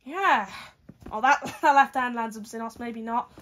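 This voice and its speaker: A woman giving excitable play-by-play fight commentary, full of exclamations and counts. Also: a little high, normal speed, crowd noise.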